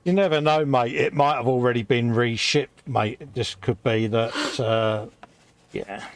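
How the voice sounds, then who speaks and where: A man's voice: mid-range voice, unhurried. A man co-hosting a live stream, chatting casually in short, laid-back replies. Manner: laid-back, brief replies, often adds "mate". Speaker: co-host of a live hobby stream. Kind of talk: casual chat.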